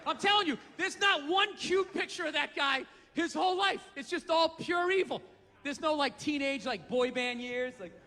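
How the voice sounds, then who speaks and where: Stand-up comic, high bright voice, profane incredulous rant, live club reverb. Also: male voice, moderate pace, some chatter behind. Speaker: stand-up comedian. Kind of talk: stand-up comedy routine. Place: comedy club stage.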